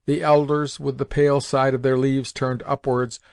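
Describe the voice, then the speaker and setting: A man's voice: mid-range voice, level tone, normal speed, gravelly, clean tone, no echo. Man reading an audiobook. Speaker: audiobook narrator. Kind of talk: audiobook narration.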